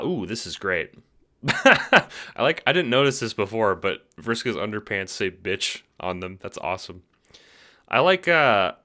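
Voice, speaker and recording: A man's voice: deep voice, pushed and bright, smooth. A man casually reviewing fan art, enthusiastic and rambling, swearing freely, sleepy late at night. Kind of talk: casual commentary.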